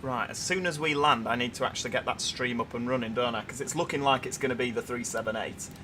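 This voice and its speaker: A man's voice: mid-range voice, fast talker, bright, forceful tone, a little hiss or hum. A young man with a Yorkshire accent, hosting a casual livestream and chatting as he reads viewer comments aloud. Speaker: livestream host.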